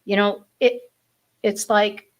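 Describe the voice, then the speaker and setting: A woman's voice: mid-range voice, flat delivery, slow pace, low-quality recording. A woman hosting a casual interview, chatty and reflective, filling her talk with "like" and "you know". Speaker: talk show host.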